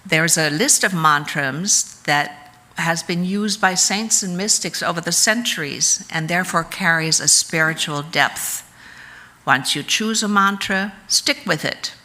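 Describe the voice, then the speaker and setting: A woman giving a calm, measured teaching talk at a church service, explaining spiritual practices in an unhurried way. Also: fairly low pitch. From United States.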